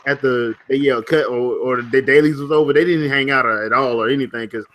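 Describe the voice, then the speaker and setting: A man's voice: medium pitch, brisk, background noise. A man co-hosting a gaming podcast, chatting casually, laughing often and rambling through restarts. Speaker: podcast co-host. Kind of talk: casual chat.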